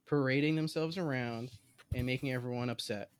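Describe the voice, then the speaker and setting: A man's voice: mid-range voice, brisk, clear, resonant tone. Guy rambling thru a funny self-deprecating story, regular mid voice, chatty podcast vibe. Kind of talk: casual chat.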